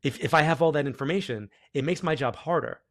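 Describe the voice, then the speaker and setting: A middle-aged man, a guest on a podcast, who tells stories in a casual, animated way and acts out the quoted dialogue. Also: on the high side, fast, dry recording, studio quality. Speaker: guest psychic medium. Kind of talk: casual storytelling interview.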